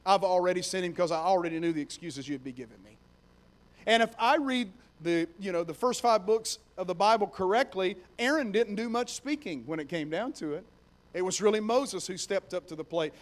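A young adult man preaching a sermon in a conversational, storytelling way, animated as he retells scenes. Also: high voice.

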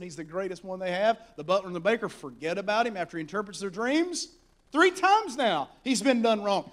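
A high-pitched man preaches a sermon, telling Bible stories with animation and swinging from soft asides to shouting.

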